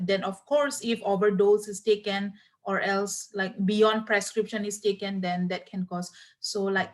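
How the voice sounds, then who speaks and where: A woman teaching a classroom lecture, who repeats herself, spells out words letter by letter and uses many fillers like "uh" and "like". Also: medium pitch. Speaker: nursing teacher.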